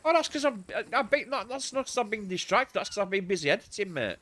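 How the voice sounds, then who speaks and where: Lively, high-voiced man. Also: fast talker. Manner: animated, rambling and crude. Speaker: streamer. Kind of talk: casual gaming chat.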